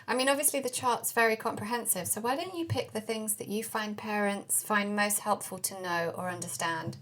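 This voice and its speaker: A woman's voice: medium pitch, moderate pace, a bit bright. A woman hosting a parenting podcast interview, reflecting aloud on her family and asking the guest questions. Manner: reflective, thinks aloud with restarts. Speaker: podcast host.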